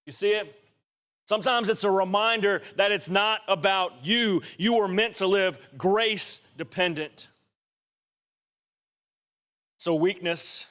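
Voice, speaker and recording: Earnest high-voiced preacher. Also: male voice, a bit bright, clear, resonant tone. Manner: earnest, rising to emphatic exhortation. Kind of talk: sermon.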